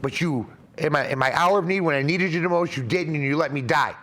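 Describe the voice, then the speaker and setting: A man voicing a devout Christian man on a flooded roof, speaking slowly and earnestly. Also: fairly high pitch, a bit bright, natural voice. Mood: aggrieved.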